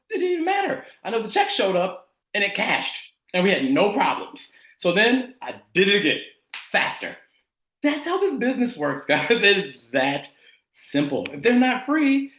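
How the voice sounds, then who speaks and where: A man leading a sales team training over a video call, energetic and slangy. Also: sits high, reverberant.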